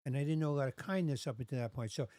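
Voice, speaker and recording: A man's voice: mid-range voice, very fast, no room sound, studio quality. A man in his sixties telling a personal story in casual podcast chat, acting out the voices of the people in it. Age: 60s. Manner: animated, acts out quoted voices.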